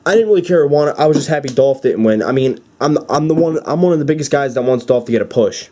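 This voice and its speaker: A young man giving an excited, rambling fan recap with many fillers and restarts. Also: medium pitch, fast talker. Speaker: wrestling fan vlogger.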